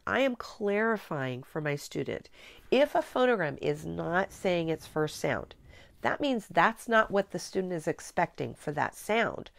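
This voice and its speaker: Lower-voiced woman coaching a spelling lesson. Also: a bit bright, no room sound. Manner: clear, explanatory, coaching tone. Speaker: spelling teacher trainer. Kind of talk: instructional demonstration.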